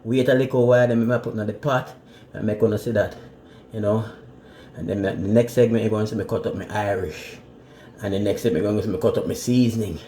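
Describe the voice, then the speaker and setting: A man's voice: lowish voice, fairly even intonation, quick pace, warm tone, slight background noise. A man with a Jamaican accent, chatting casually as he cooks in his home kitchen, laid-back and laughing often. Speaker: home cook and channel host. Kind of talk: casual cooking vlog. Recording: echoey kitchen with running water. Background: dishes clinking and tap running.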